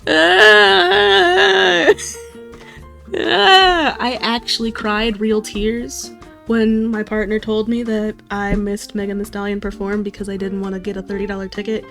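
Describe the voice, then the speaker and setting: A woman in her twenties chatting casually to stream viewers, rambling, swearing freely and mocking herself with frequent laughs. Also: medium pitch. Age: 20s. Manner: rambling, profane and self-mocking, often laughing.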